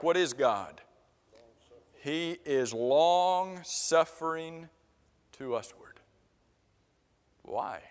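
A man's voice: sits high, fairly bright tone. A man preaching a sermon who keeps asking the congregation questions and repeats words for emphasis. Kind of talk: interactive sermon. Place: church sanctuary. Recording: long church reverb.

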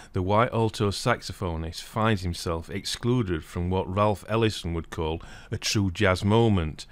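A man narrating a scripted video essay in a steady reading voice. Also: low voice, no room sound. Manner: steady reading, livelier when reading quoted passages.

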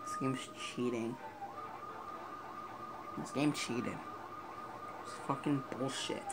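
A gamer's mid-range voice swoops wildly in pitch, and he talks slowly with long pauses as he plays through a video game. His let's play commentary is full of frustration and swearing, set against noisy game audio with police sirens.

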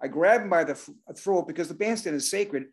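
Animated older man telling a story. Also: high voice, brisk. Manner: animated, acts out voices and shouts in his stories. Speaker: guest drummer.

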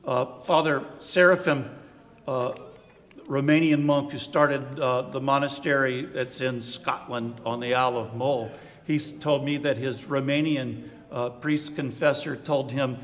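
An older man, a priest, giving an unscripted retreat talk in a conversational, reflective way, pausing on fillers and chuckling softly. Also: mid-range voice, steady tone. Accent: American Southern. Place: large conference hall. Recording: long-reverb hall.

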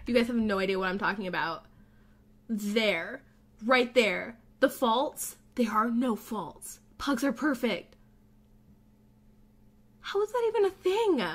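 High-voiced, gushing woman gamer. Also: unhurried, pauses often. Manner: gushing, excitable, gasping often. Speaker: let's play host. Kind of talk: casual gameplay commentary.

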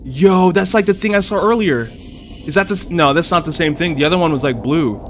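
A man's voice: a little high, a little fast, a little hiss or hum. A young man giving let's play commentary on a survival game, jumpy and swearing a lot, yelping and panicking whenever creatures come near. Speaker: gamer.

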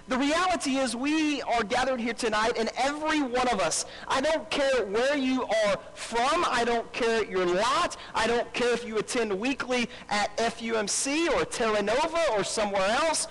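A man with a strikingly high voice preaches a live sermon in a church. He repeats his key phrases for emphasis and draws answers from the congregation. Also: moderate pace, few pauses, a bit bright, low-quality recording. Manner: calls out to the congregation and asks for responses. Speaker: pastor. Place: church service before a congregation.

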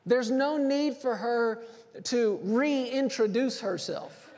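Pastor, male, higher voice, animated sermon delivery, reverberant church. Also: takes it slowly. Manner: animated storyteller, acts out phone calls. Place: church sanctuary.

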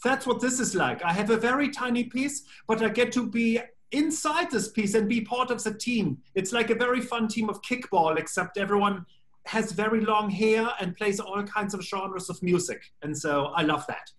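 A man's voice: high voice, normal speed. Playful man with a German accent. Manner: playful, jokey, deadpan asides. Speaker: voice actor being interviewed. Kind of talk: casual video-call interview.

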